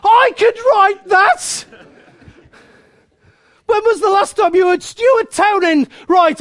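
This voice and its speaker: A man's voice: very high-pitched, takes it slowly, pauses often, fairly bright tone, dry recording, clean studio sound. A man preaching a passionate sermon, breaking into snatches of sung choruses. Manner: passionate, bursts into snatches of song.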